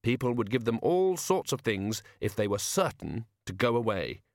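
A man reading a novel aloud as an audiobook narrator, with wry, expressive storytelling. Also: medium pitch, normal speed, no room sound, studio quality. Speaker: audiobook reader. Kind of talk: scripted narration.

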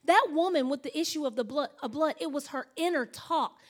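High-voiced woman preaching a sermon. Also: a little fast. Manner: animated storytelling, acting out her own thoughts, frequent laughter. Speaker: pastor.

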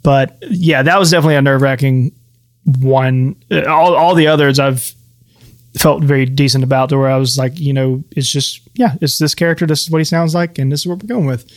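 Speaking briskly at a medium pitch, this man co-hosts a podcast and serves as game master. His talk is casual and rambling, relaxed, with frequent restarts and laughs.

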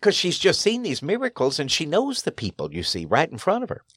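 A man's voice: a little high, huge pitch swings, a little fast, a bit bright, slightly rough, no echo, studio quality. A man, a pastor, telling stories in an interview in an earnest, emphatic way, his voice rising sharply on key phrases. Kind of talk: storytelling interview.

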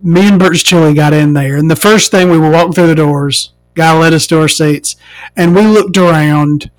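On a dry recording, an American trans woman from the inland United States hosts a podcast in a low-pitched voice at normal speed. She delivers a casual comedic rant, sarcastic and full of swearing.

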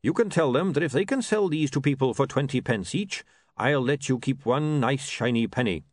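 A man voicing a shrewd, calm male dwarf printer with a blunt, businesslike manner. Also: mid-range voice, normal speed, no room sound, studio quality, close to an everyday voice.

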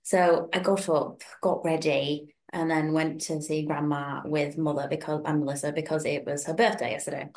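Lively young woman telling stories. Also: deep voice, moderate pace, hardly any pauses. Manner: animated storytelling, acting out quoted voices. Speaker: podcast co-host. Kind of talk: casual chat.

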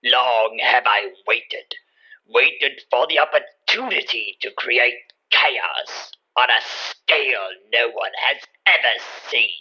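A man putting on the voice of a scheming old male galactic emperor, with a whispery rasp and a gloating, sinister manner. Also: medium pitch, slow, bright, forceful tone, dull audio, voice pushed down, heavily acted.

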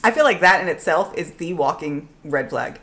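A woman's voice: low-pitched, animated, moderate pace, a bit bright, slight background noise. A woman co-hosting a podcast in casual chat, playful and teasing, laughing often. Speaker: podcast co-host.

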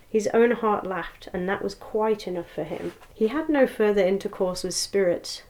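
A woman narrating a classic story aloud, with expressive, dramatic reading. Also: medium pitch.

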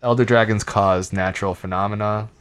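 A man co-hosting a comedy podcast who talks in an animated way, laughs often and swears frequently. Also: on the low side, a little fast, clear, resonant tone. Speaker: podcast co-host. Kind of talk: casual comedic chat.

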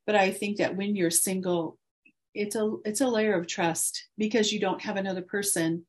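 A woman in her forties, a guest in an interview, speaking earnestly and encouragingly about her faith with soft laughs. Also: medium pitch, fairly even intonation, moderate pace.

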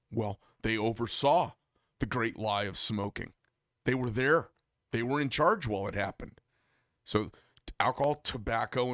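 A lowish-voiced American man hosting a talk show, speaking with heat and emphasis. His voice jumps up in outrage and he swears freely. The recording is dry and close, with no room sound. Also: no echo. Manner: heated, emphatic, rising to near-shouts of outrage with profanity. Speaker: podcast host. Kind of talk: casual political chat.

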